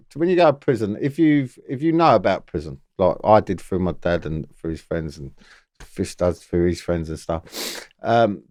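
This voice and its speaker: Podcast guest, London man, mid-pitched, plain explainer who checks in with tag questions, dry close sound. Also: darkish tone, no room sound. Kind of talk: casual interview talk.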